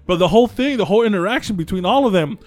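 A man co-hosting a casual podcast, retelling a story with lively acted-out quotes and plenty of swearing. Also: sits high, very fast, a crowd in the background. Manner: animated storyteller acting out quoted voices, swears freely. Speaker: podcast co-host.

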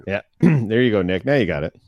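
A man's voice: on the low side, fairly quick, no echo, highs cut off. A middle-aged man co-hosting a podcast, telling stories in casual chat and acting out the voices. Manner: animated storyteller, acts out voices in anecdotes. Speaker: podcast co-host.

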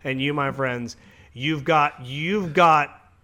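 A man's voice: on the high side, takes it slowly, sharp tone. A man co-hosting a wrestling podcast, rambling through crude jokes, swearing freely and laughing at his own bits. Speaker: podcast co-host.

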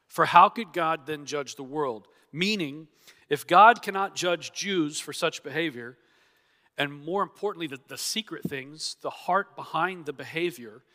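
A man's voice: a little high, sharp tone. A man preaching an expository sermon, earnest and emphatic, acting out the objections he quotes. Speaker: pastor. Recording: long reverb of a church hall.

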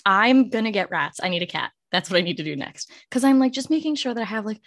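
A woman in her forties co-hosting a podcast, chatting casually in an animated way, laughing often and swearing freely. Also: medium pitch, quick pace. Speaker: podcast co-host. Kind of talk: casual chat.

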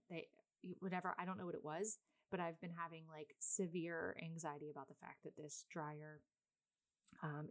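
Chatty woman with a lowish voice. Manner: chatty and rambling, many fillers; self-described very loud person. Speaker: mother telling a personal story. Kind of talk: casual vlog storytelling.

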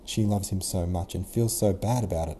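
A man voicing a gentle young princess who speaks earnestly and firmly. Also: sits low, brisk, slightly rough. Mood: reflective. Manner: soft, earnest, resolute.

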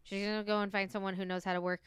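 A woman in casual podcast chat, rambling through her stories with frequent restarts and little laughs. Her voice is smooth and clear at a middle pitch, recorded close and dry. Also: level tone, very fast, a bit bright, dry recording. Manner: rambling, giggly storyteller with many restarts. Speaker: podcast co-host.

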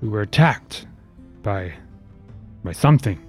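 A man voicing a confused, gruff male dwarf captive who speaks haltingly, with faint music behind. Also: on the low side, lively intonation, darkish tone, voice pushed down. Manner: halting, disoriented.

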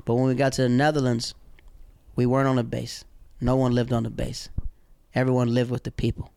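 Young Southern man, mid-pitched, lively raconteur, dry closely miked sound. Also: brisk, creaky, smooth, dry recording. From American South. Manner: animated, acts out quoted people in high voices, slangy. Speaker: guest telling stories. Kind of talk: casual storytelling chat.

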